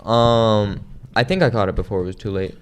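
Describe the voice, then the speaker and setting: A man talking hesitantly about his week, halting with fillers. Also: on the low side, clear, resonant tone.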